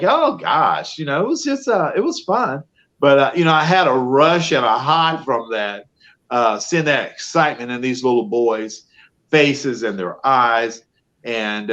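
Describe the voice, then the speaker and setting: A man tells an animated story over a video call. The sound is a little dull and muffled. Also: mid-range voice. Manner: animated storyteller acting out quotes. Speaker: professional Santa guest. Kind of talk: storytelling interview answers. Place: home studio.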